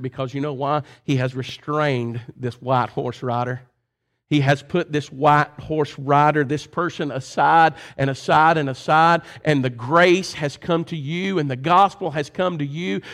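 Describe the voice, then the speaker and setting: A male preacher delivering a sermon, moving from quiet intensity to loud, fervent pleading. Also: medium pitch. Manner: preaching, building from quiet to shouting fervor.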